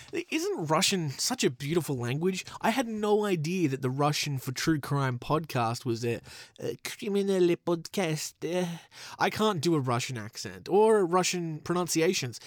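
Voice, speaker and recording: A man's voice: fairly high pitch, no room sound, studio quality. A man with a nasal voice, coming down with a cold, hosting a casual podcast in a rambling, self-deprecating way with lots of fillers. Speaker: podcast host.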